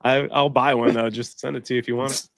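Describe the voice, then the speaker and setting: Easygoing man quick to laugh. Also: medium pitch, flat delivery, vocal fry, a bit bright, dry recording, clean studio sound. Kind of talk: casual chat.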